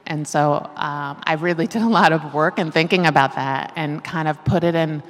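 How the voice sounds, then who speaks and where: A middle-aged woman with a low, grounded voice talks things through as an author in an interview. She is reflective and laughs often. Her voice trails into the long reverb of a hall. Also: moderate pace. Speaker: author guest. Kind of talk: conversational interview.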